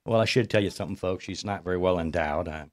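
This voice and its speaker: A man, a stand-up comedian, telling stories and jokes in casual chat, animated and jumping into high voices to quote people. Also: quick pace, a little hiss or hum. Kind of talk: casual storytelling with joke routine.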